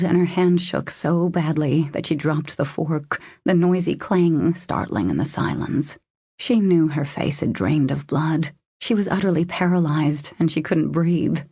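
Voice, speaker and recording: Woman narrating an audiobook, deep husky voice, dry close sound. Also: dark tone, no room sound. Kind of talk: scripted narration.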